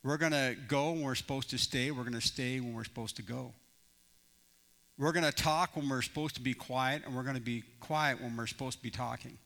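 A man's voice: mid-range voice, fairly even intonation, fairly quick, gravelly, pushed and bright. A male pastor preaching a sermon in an earnest storytelling manner, often restarting his phrases. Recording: long reverb in a large hall.

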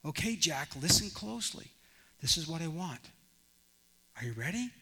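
Preacher doing a calm patient spirit, gentle, unhurried, reassuring, big hall echo. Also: male voice, a little high, breathy edge, heavily acted. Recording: long reverb in a large hall.

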